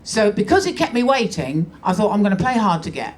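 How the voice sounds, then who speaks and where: On a comedy club stage before a laughing audience, a middle-aged woman performs stand-up in a brash, conversational, mock-exasperated style. Her mid-range voice has big pitch swings and moves a little fast.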